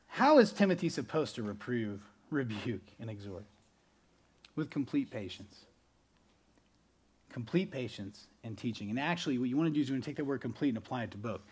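A man preaching a sermon as pastor, animated, swinging between loud bursts and quiet, earnest stretches. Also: medium pitch, brisk, husky.

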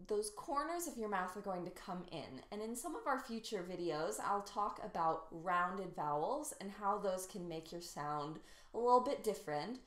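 A woman singing teacher coaching beginners through warmups in an encouraging way. Her voice is slightly scratchy. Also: mid-range voice, expressive, normal speed. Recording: roomy echo, faint piano. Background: faint piano.

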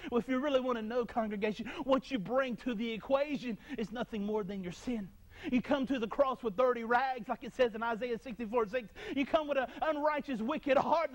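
High-voiced fervent male preacher. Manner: fervent preaching with repeated phrases and restarts. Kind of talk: sermon.

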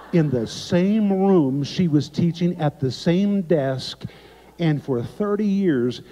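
Appearing by remote video as a guest preacher, a man with a fairly high voice tells a sermon story dramatically. He swings from emphatic lines to sudden hushed drops. The recording is echoey, dull, and lo-fi.

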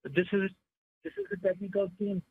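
A man's voice: high-pitched, animated, normal speed, a little hiss or hum. A man answering as a call agent, working through scripted questions. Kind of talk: phone call. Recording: muffled phone line.

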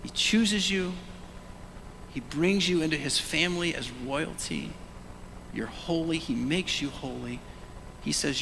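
A middle-aged male pastor preaching a sermon, animated, moving between loud calls and hushed whispers and prompting the congregation to say words aloud. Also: fairly high pitch, a little slow, vocal fry, long pauses, a little hiss or hum. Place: church sanctuary. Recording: long church reverb.

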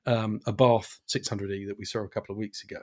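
A man co-hosting a podcast in casual chat, wry and hesitant, pausing often. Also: lowish voice, level tone, a little mellow. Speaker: podcast co-host.

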